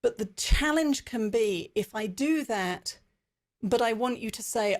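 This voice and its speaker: Woman podcast host, mid-pitched voice with vocal fry; earnest and reflective. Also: measured pace. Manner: reflective, earnest, explaining ideas. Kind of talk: conversational interview.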